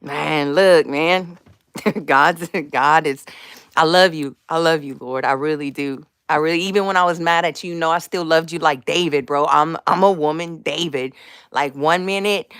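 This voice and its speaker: A woman hosting her own live stream, talking casually about faith in a slangy, animated way and laughing often. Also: deep voice, moderate pace, smooth, no room sound, clean studio sound.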